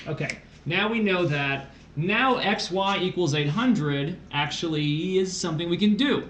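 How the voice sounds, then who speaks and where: A man's voice: on the high side, a bit bright, slight background noise. A man tutoring test prep on a livestream, working through math problems aloud with playful asides. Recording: roomy echo.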